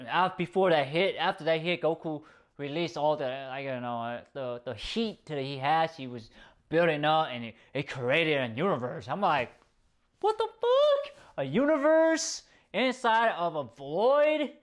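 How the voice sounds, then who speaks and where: Excitable cursing reviewer, male, rather high voice, rambling delivery. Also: moderate pace. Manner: excitable, swears often; rambling with many restarts. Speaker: video reviewer. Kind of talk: casual episode review.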